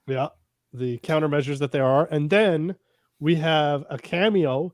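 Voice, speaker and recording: A man's voice: on the high side, unhurried, no room sound. Swearing, rambling man on a dry mic. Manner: rambling, swears freely, acts out quotes. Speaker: podcast co-host. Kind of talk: casual chat reviewing a TV episode.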